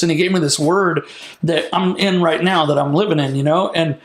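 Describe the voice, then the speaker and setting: A man, a minister, telling a personal testimony in an animated, casual interview, peppered with "like" and "you know.". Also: a little high, fast talker, echoey room.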